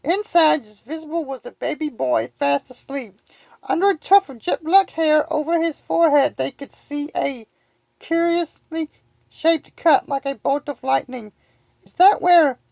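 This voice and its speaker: High-voiced woman reading aloud. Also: measured pace, creaky, darkish tone, dry recording, rough recording. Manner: reads with frequent slips and restarts. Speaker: reader. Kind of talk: amateur audiobook reading.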